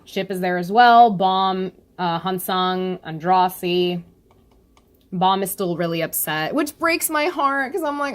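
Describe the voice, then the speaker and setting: Brief: a lively woman reviewer, chatty and giggly, reacting to a comic chapter in a casual, unfiltered way. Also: a little high, a little slow. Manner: chatty and animated, laughs often, swears casually.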